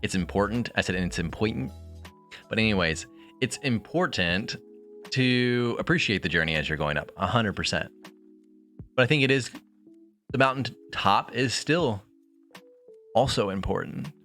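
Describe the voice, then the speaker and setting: Streamer, male, low and bright-toned voice, rambling reflective chat with viewers, faint music behind. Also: animated, moderate pace, long pauses. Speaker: streamer reading a book aloud. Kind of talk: casual livestream chat and book reading. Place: bedroom.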